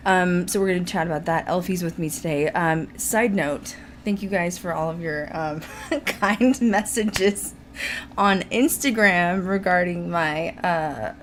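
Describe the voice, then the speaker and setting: A woman's voice: sits low, slight background noise. A young adult woman hosting a paranormal podcast, chatting casually with many fillers and frequent laughter. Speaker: podcast host. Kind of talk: casual chat.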